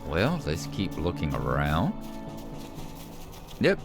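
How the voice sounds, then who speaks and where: A man's voice: a bass voice, wildly swooping pitch, takes it slowly, loud music behind the voice. A man chatting casually through his gameplay and teasing the characters on screen. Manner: chatty, talks to the game characters. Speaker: gameplay host.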